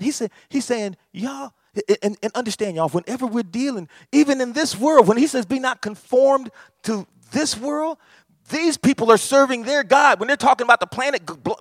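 A man preaching a sermon as pastor, animated, repetitive and emphatic. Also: very high voice, no room sound, clean studio sound.

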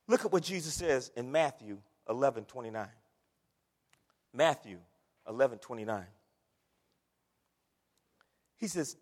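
A male pastor preaching a sermon with passion, swinging from quiet asides to loud cries. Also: on the high side, animated, unhurried, pauses often. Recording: long reverb of a large hall.

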